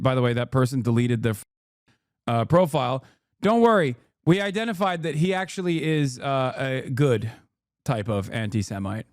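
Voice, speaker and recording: Sarcastic, profane livestream riffing comes from a man whose voice is a little high, with no room sound. He's a streamer and political commentator talking casually into a desk mic close to his mouth.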